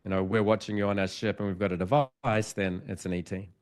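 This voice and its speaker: A middle-aged man, a hypnotherapist guest, telling a story in casual podcast talk, animated and full of restarts. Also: fairly low pitch, fast, clear, resonant tone. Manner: animated retelling with frequent restarts and acted-out dialogue.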